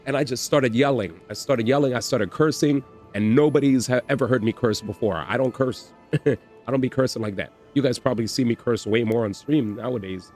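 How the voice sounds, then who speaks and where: A man hosting a livestream, telling a story in an animated, slangy way with swearing and repetition. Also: medium pitch. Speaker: livestream host. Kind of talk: casual storytelling on stream.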